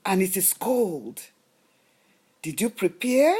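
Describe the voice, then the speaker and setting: A lifestyle vlogger living in Canada gives an emphatic motivational talk packed with rhetorical questions and advice. Her medium-pitched voice is mellow and husky, sing-song, and she takes it slowly.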